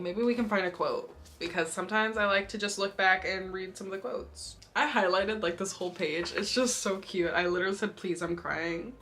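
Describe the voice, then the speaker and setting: Young woman book vlogger, slightly low voice, enthusiastic, casual and giggly. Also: pushed and bright. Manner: gushing, enthusiastic, laughs often. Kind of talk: casual book review chat.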